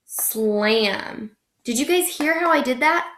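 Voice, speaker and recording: Brief: young woman teacher, phonics lesson, slightly high voice, slow and patient, echoey classroom. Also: sharp tone. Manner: slow, encouraging, stretches out sounds.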